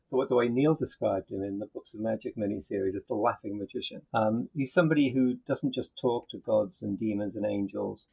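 A man answering interview questions in a measured, thoughtful way, with some hesitation. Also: mid-range voice, creaky, a little mellow, husky, dull audio. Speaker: comic book writer guest.

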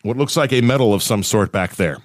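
A man's voice: lowish voice, a little fast, no room sound, clean studio sound. A man hosting a podcast, chatting casually and teasing his co-host about bad jokes. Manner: joking, teasing. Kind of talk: casual chat. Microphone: video call.

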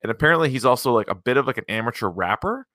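A man's voice: mid-range voice, expressive, racing, bright, forceful tone, no echo, clean studio sound. A man co-hosting a podcast, chatting loosely with a profane, rambling manner. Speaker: podcast co-host. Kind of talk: casual chat.

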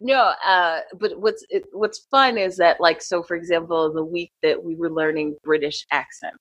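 A middle-aged woman who teaches acting and accents tells stories in casual conversation, animated and laughing often, slipping into quoted voices. Her pitch is fairly low and her pace moderate. The recording is dry and lo-fi.

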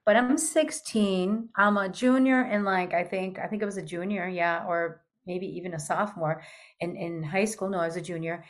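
A woman in her fifties, telling a personal story in a chatty, animated way with frequent casual fillers. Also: fairly low pitch, normal speed. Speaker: guest. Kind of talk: storytelling in conversation.

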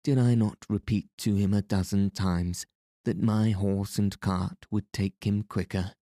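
Man plays grubby old storybook trader; rasping lisp, obsequious, dark dry voice. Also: fairly low pitch, fairly even intonation, a little slow, dry recording, close to an everyday voice. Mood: wheedling. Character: elderly grimy male trader, humble and wheedling.

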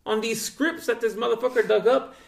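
A man's voice: very high-pitched, fairly even intonation, fairly quick, gravelly. A man hosting a casual podcast chat, loose and profane, saying "dude" constantly. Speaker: podcast host. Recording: roomy echo.

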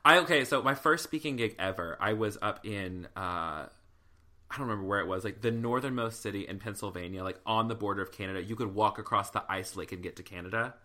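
A man hosting a podcast, talking in an animated, playful way. His voice is slightly low and very bright, with a forceful edge. He chats casually and tells stories with lots of energy. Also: fast talker. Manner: animated, playful storyteller who gets emotional. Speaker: podcast host. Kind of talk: casual chat.

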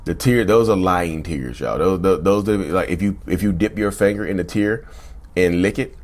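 A man's voice: low-pitched, normal speed, a little mellow. A man hosting his own channel, talking casually to viewers, repeating himself and calling them y'all. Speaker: channel host. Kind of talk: casual talk to camera.

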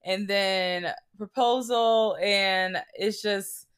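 A young woman co-hosting a podcast, chatting casually and excitedly, often trailing off mid-thought. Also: medium pitch, drawn-out words, clear, resonant tone. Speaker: podcast co-host. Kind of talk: casual chat.

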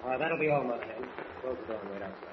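A man's voice: mid-range voice, very fast, lightly acted. A man playing a cold, officious prosecutor. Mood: stern. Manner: clipped, formal, coldly authoritative. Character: stern, officious male district attorney, cool and controlled. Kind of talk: 1940s radio acting. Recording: dull old radio recording with faint hiss.

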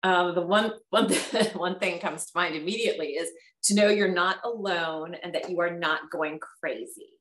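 A woman speaking as a panel guest over a video call, thoughtful and measured. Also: on the low side, a bit bright. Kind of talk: casual chat. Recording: roomy echo on a video call.

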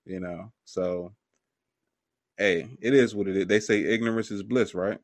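A deep-voiced man hosting a casual podcast interview. He talks in a laid-back, joking way, with loose filler phrases. The sound is dry and close. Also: steady tone, measured pace, no room sound. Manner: laid-back, joking, lots of "you know". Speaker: podcast host.

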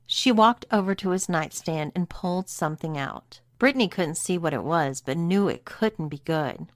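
A woman narrating an erotic story in a steady, even reading voice. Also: fairly low pitch, moderate pace, no room sound, studio quality. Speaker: story reader.

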